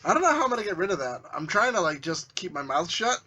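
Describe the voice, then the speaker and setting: Bright-voiced man with a stuffed nose. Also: sits high, very animated, a little hiss or hum. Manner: quick, complaining. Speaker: podcast co-host. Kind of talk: casual chat.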